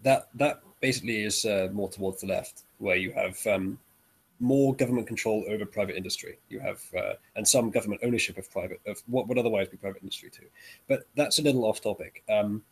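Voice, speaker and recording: A man in a casual online debate who asks questions in a measured way, often hesitating, over a voice call. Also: fairly low pitch, a little hiss or hum, rough recording. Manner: measured, hesitant with ums and uhs. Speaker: guest debater, interviewer.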